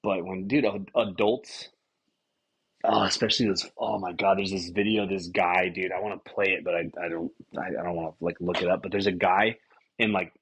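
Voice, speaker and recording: Low, husky-voiced man rambling profanely. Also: moderate pace. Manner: rambling, profane, animated with acted-out quotes. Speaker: podcast host. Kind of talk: casual comedic monologue.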